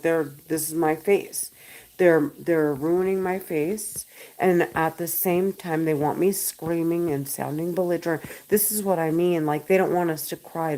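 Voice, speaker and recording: A woman's voice: low-pitched, mellow, rough recording. A woman recording a vlog at home, talking in an agitated, pleading, repetitive way. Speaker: vlogger. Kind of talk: monologue to camera.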